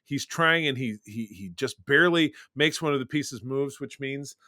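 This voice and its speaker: A man co-hosts a podcast in a casual movie discussion, his mid-range voice pushed and bright at normal speed. The studio-quality audio has no room sound. He rambles, interrupts himself, restarts sentences, and trails off into summaries.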